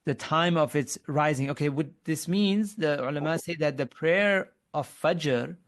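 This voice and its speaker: A man's voice: fairly high pitch, unhurried. A man teaching Arabic grammar in an online webinar lesson, explaining step by step, quizzing his students and often restarting his sentences.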